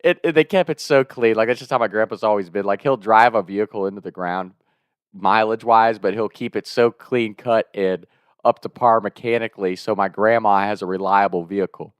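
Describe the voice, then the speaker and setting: A young man in his twenties telling a wild story in a casual, animated way, swearing and laughing as he goes. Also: fairly low pitch, brisk, clear, resonant tone, no echo, studio quality. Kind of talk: casual spoken anecdote.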